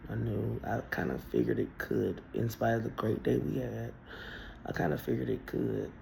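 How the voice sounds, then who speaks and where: A woman's voice: extremely low pitch, moderate pace, gravelly, a little mellow, a little hiss or hum. A woman telling a story in a casual, blunt and profane rant that rambles along. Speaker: vlogger.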